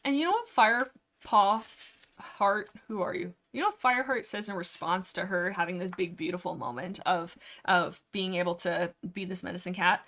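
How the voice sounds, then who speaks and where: A woman's voice: on the low side, normal speed, bright, forceful tone. A woman hosting a casual book discussion livestream, rambling in a playful, sarcastic way from her desk mic. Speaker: livestream host.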